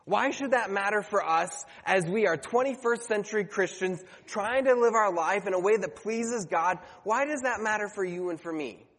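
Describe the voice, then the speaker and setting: A man's voice: high-pitched, moderate pace, few pauses, a bit bright, big-room sound. A man preaching a sermon to his congregation, earnest and conversational, sometimes stumbling and correcting himself.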